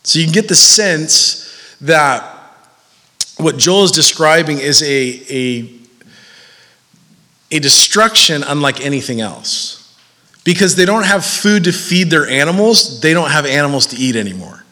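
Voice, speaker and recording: Man preaching, high voice, bright tone, casual animated delivery, echoing hall. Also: measured pace, pauses often. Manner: animated, conversational preaching with fillers. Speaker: pastor. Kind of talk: sermon.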